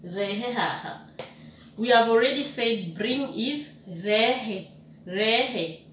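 A young adult woman teaching simple words in a casual lesson, slowly and patiently repeating each word several times. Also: fairly high pitch, lively intonation, distant mic. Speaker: language teacher. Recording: echoey room, voice away from the mic, faint background noise.

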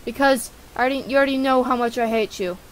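A woman's voice: on the high side, fast, very noisy, close to an everyday voice. A woman voicing a callous, mock-cruel dad in a video game who hates his son.

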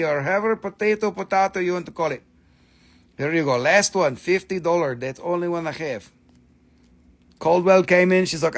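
Jokey guy selling crystals on a livestream, kinda high voice, swears a lot. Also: normal speed, gravelly. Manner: joking, swears casually, repeats himself. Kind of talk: casual live-stream sales chat.

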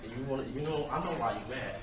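A man's voice: mid-range voice, rapid-fire, close to an everyday voice. A man in a classroom skit playing a cocky, slangy suspect, recorded far from the mic in an echoey, noisy room. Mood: defiant. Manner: slangy, streetwise banter. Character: cocky male suspect, defiant and brash. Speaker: student actor in a class skit. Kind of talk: amateur comedy skit acting. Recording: echoey room, distant mic, loud noise.

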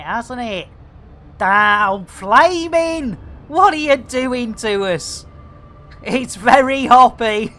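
With a high, fairly bright voice, this man offers casual commentary while streaming a space game. He jokes and chats as he plays, rambling along with plenty of fillers.

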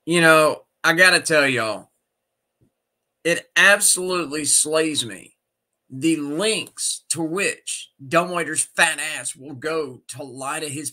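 Very bright-voiced sick male streamer. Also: on the high side. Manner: greets viewers one by one by name. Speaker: livestream host. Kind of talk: casual livestream chat.

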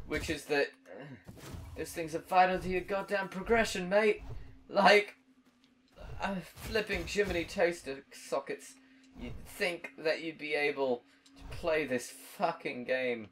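A man's voice: fairly high pitch, animated, unhurried, a little hiss or hum. An English man commentating his own gameplay, who swears a lot and shrieks and screams in frustration. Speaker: let's play commentator.

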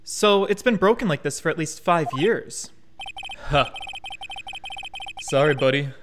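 Jokey male streamer, high and animated, narrating a game out loud. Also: unhurried, noisy background. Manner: jokey, rambling, reads game text aloud. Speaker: let's play streamer. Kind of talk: casual game commentary and reading dialogue aloud.

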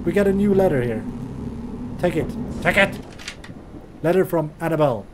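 A man's voice: fairly high pitch, animated, fairly quick, background noise. A man giving casual let's-play commentary on a horror game, chatty and reacting aloud with swearing. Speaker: gaming streamer.

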